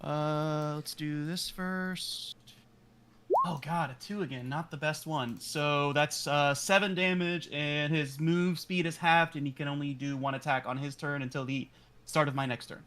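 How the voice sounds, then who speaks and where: A man's voice: fairly high pitch, fairly even intonation, moderate pace, pushed and bright, a little hiss or hum. A man playing in a tabletop game, steadily explaining his moves and rules. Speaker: player.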